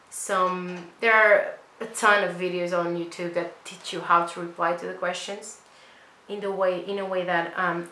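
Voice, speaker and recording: A woman's voice: fairly low pitch, pushed and bright, echoey room, a little hiss or hum, poor audio. A young woman vlogger talking casually as she does her makeup, rambling and poking fun at herself. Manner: chatty, self-mocking, rambling asides. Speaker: beauty vlogger. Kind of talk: casual makeup tutorial chat.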